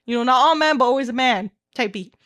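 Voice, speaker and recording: Bright high-voiced female streamer, lively casual storytelling with frequent laughter. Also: fast. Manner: animated storytelling, laughs often. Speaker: VTuber streamer. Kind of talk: casual live-stream chat.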